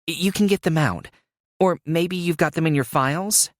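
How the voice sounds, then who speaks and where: A man's voice: a little high, moderate pace, no echo, studio quality, voice pushed up, natural voice. A man voicing a determined young woman who presses her case with tense urgency. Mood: urgent.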